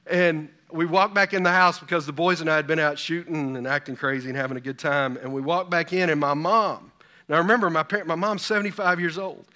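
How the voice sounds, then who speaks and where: A man's voice: on the high side, fairly quick, pushed and bright. A pastor in his fifties preaching a sermon, full of rhetorical questions and personal stories. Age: 50s.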